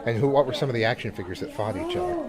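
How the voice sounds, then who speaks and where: A woman with an unusually deep voice hosts a school podcast from a crowded classroom. Her delivery rises and falls expressively, warm with encouragement and quick to laugh. Children's chatter fills the background throughout. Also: wildly swooping pitch. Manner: enthusiastic, laughs easily, encouraging. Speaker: podcast host touring a school. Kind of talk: roaming on-site interview. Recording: noisy classroom with kids chattering.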